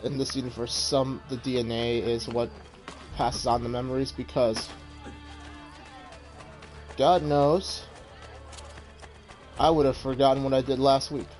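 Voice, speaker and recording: A man's voice: mid-range voice, level tone, measured pace, long pauses, darkish tone, soft background music. A man casually commenting while playing a game, rambling and self-deprecating as he thinks aloud.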